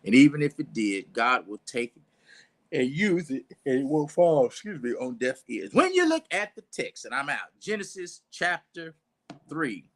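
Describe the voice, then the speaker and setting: A man's voice: medium pitch, animated, moderate pace. A man preaching an informal sermon in a church, talking conversationally with asides and restarts.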